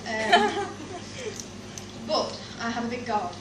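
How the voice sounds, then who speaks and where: A woman with a high voice tells a funny, self-mocking live stand-up testimony. She sounds some way from the mic in an echoey coffee shop, with loud background noise all around her. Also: very animated, drawn-out words, pauses often, recorded from a distance. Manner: humorous, self-mocking storytelling. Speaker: stand-up performer. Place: coffee shop performance space.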